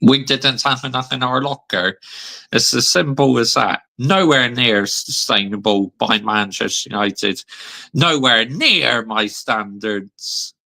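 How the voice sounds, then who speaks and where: Gravelly, bright-voiced man ranting about football. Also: medium pitch, takes it slowly. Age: 30s. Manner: heated, sweary, repeats "yeah?" and "man". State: seething after a defeat. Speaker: football fan vlogger. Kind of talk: ranting fan reaction vlog.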